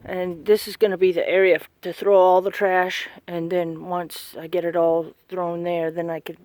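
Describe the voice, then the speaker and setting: A woman vlogger rambling casually and thinking out loud while doing chores around her home and yard. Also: on the low side, level tone, normal speed.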